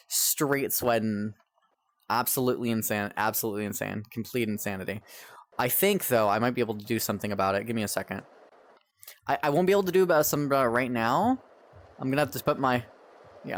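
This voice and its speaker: A young man live-streaming, chatting to viewers in a rambling, exasperated way and swearing often as his game keeps failing. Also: mid-range voice. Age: young adult. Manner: exasperated, rambling, swears a lot, talks to chat. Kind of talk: live-stream chat while gaming.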